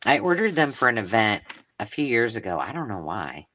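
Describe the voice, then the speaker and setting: A woman's voice: extremely low pitch, sing-song, a little fast, a bit bright, a little hiss or hum. A woman hosting a live craft stream, chatting casually and gushing over mail she unboxes. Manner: gushing and effusive, chatty asides. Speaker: craft channel host.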